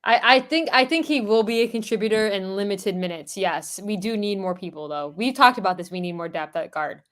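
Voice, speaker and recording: A woman's voice: mid-range voice, lively intonation, fairly quick, a bit bright. A woman co-hosting a casual sports chat, matter-of-fact and teasing. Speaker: sports podcast co-host.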